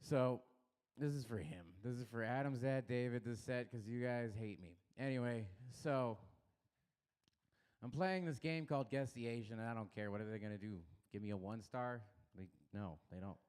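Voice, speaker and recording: A man's voice: medium pitch, normal speed, darkish tone, clean tone. A young man doing a rambling, self-deprecating stand-up set in a small comedy club. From Los Angeles area.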